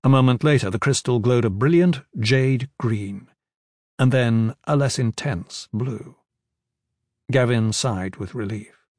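A man reading fantasy fiction as an audiobook narrator in a measured, steady way. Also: mid-range voice, dry recording, clean studio sound. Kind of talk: scripted narration.

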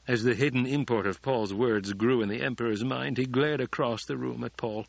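Man narrating an audiobook, measured tone. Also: medium pitch, steady tone, gravelly, no room sound. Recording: dull, dry studio audiobook.

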